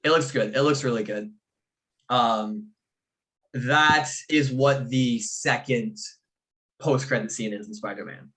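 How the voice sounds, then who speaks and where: A man hosting a casual chat show, telling stories in an animated way and laughing often. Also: medium pitch, takes it slowly, pauses often, poor audio. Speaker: podcast host.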